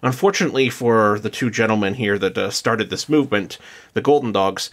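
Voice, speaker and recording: A man's voice: lowish voice, fairly quick. Give me a casual, joking male podcast co-host who reads his notes in a loose, rambling way. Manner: jokey, loose, many fillers and restarts. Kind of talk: casual chat, reading notes.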